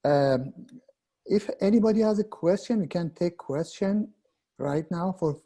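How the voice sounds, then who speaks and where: Hesitant male moderator, mellow voice. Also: sits high, vocal fry. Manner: hesitant, with fillers and slow phrasing. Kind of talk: thanking speaker, opening questions.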